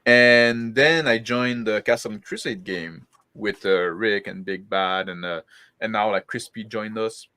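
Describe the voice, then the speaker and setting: A man's voice: fairly low pitch, unhurried, pushed and bright, no room sound. Rambling host man, dry close sound. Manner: rambling, hesitant with fillers. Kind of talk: casual group chat.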